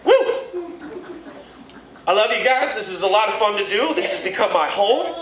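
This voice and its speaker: A man performing a crude, animated stand-up comedy set in a packed club. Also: high voice, fast talker, recorded from a distance. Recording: echoey room mic'd from afar, loud crowd laughter.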